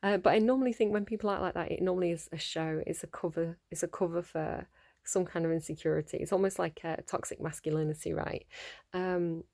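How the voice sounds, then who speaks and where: Low gravelly woman doing a tarot reading. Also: fairly even intonation, fairly quick, a little mellow. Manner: rambling, laughing, trips over words. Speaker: tarot reader. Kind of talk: casual spoken tarot reading. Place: at home.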